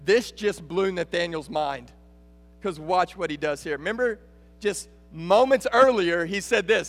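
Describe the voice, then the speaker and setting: High-voiced Texan man preaching a sermon. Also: measured pace, long reverb tail, soft background music. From Texas. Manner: animated, rising to emphatic calls. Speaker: guest preacher. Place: church sanctuary.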